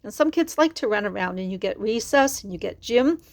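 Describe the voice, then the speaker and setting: A woman's voice: medium pitch, animated, brisk. A middle-aged woman reading a picture book aloud to children, stopping for chatty asides to explain new words.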